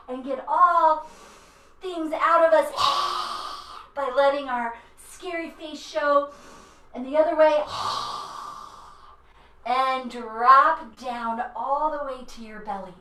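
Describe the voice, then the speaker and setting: A high, bright-toned woman leading a children's yoga class, unhurried and playful as she coaxes little ones through each pose. Her voice sits in a roomy space, caught by a mic some distance away. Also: a little hiss or hum. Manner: playful and encouraging, speaking to children. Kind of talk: guiding a kids' yoga class.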